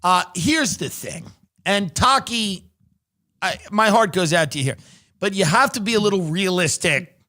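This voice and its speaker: High bright-voiced sarcastic podcast host. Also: male voice, animated, normal speed. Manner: reads news aloud with sarcastic asides. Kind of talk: casual comedic commentary.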